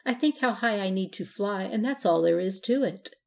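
A woman's voice: medium pitch, expressive, normal speed, gravelly. A woman reading a storybook, voicing a polite, matter-of-fact little girl who is a witch.

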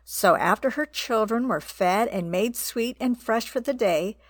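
A woman reading a children's story aloud in a gentle, expressive way. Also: fairly high pitch, measured pace, dry recording. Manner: gentle, expressive reading with voiced animal parts.

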